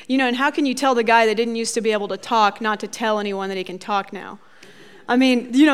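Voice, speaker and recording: A woman preaching a sermon in a chatty, conversational way, breaking into lively asides. Her voice sits slightly high and sounds smooth and resonant. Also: fast talker. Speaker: pastor.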